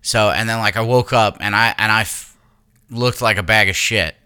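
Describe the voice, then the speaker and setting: A man in his thirties co-hosting a podcast, telling profane, animated stories with laughs in casual chat. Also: on the low side, moderate pace, clear, resonant tone. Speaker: podcast co-host.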